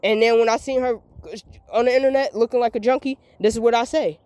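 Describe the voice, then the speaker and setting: A woman's voice: on the high side, steady tone, fast, darkish tone, no echo. A woman, venting in a rambling, repetitive, emphatic monologue recorded as a voice memo. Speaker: vlogger.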